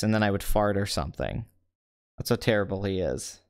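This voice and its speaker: A man hosting a comedic box office show, talking in a sarcastic, deadpan way. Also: fairly low pitch, quick pace, clean tone. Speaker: host.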